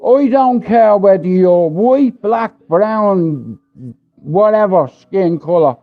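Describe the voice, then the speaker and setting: A man's voice: sits high, animated, takes it slowly, faint music behind. An Irish man hosting a livestream, ranting in a blunt, profane, rambling way. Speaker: livestream host. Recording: dull lo-fi stream audio.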